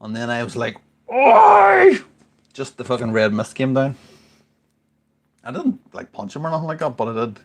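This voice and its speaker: A man's voice: mid-range voice, fairly quick. A man in his forties, a little tipsy, telling a rambling, sweary story in casual chat. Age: 40s. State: tipsy from drinking beer. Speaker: podcast regular.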